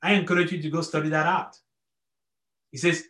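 A man's voice: on the high side, little pitch movement, fairly quick, fairly bright tone. A middle-aged man preaching an earnest evening sermon, often stopping to check in with "okay?" and restarting his sentences. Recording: echoey room.

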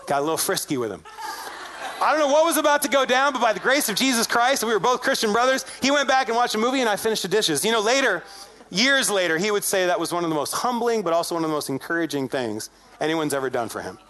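High-voiced animated male pastor. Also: fast talker. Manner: animated storytelling, acts out quoted dialogue; conversational, addresses congregation directly. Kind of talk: sermon.

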